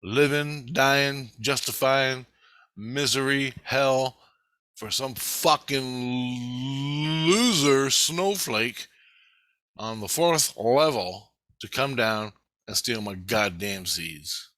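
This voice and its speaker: A man's voice: mid-range voice, extremely slow, bright, forceful tone, no room sound. A man telling a rambling, agitated story in a casual spoken monologue, full of swearing. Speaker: vlogger.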